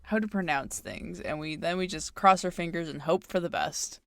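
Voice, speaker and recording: A woman co-hosting a podcast in casual chat, animated and playful with frequent giggles. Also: lowish voice, normal speed, gravelly, no echo. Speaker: podcast co-host.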